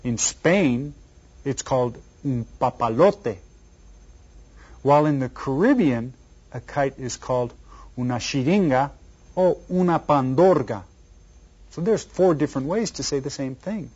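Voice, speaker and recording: A man teaching an elementary Spanish lesson to children, repeating each word slowly and quizzing the listener. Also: mid-range voice, lively intonation, a little mellow, slightly rough. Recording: dull lo-fi recording.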